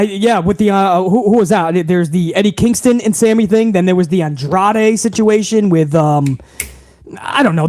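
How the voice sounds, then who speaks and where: A man hosting a live wrestling commentary stream, ranting in an exasperated, profane, animated way. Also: high voice.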